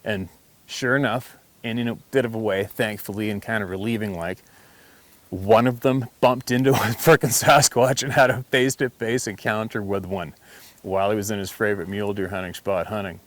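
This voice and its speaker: Hunting channel host, male, low-ish voice, blunt and emphatic, rambling casual storytelling. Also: steady tone, normal speed.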